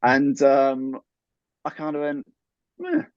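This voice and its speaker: A man with a low voice speaks as an interview guest, earnest and advice-giving. The sound is dry and dull, with a lo-fi quality. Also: animated, normal speed, no room sound. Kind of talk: conversational interview.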